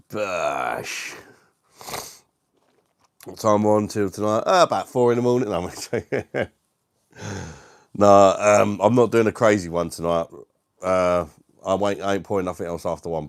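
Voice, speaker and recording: Reading viewer comments on a casual live stream from home, a British host chats easily in a low, deep, clear and resonant voice. He's laid-back, quick to laugh and says "mate" a lot. The sound is dry and close, with no room echo.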